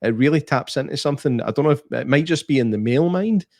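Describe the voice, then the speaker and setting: A man's voice: a little high, animated, fast talker, a little mellow, no echo. A Scottish man co-hosting a podcast, trading dry, sweary banter in a casual film chat. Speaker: podcast co-host.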